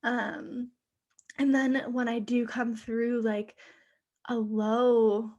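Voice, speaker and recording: A woman hosting her own podcast, talking casually on her own, full of fillers and swearing, and sometimes dropping to a soft whisper. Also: fairly high pitch, little pitch movement, extremely slow. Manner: chatty, many fillers, frequent swearing. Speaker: podcast host. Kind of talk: casual solo podcast monologue.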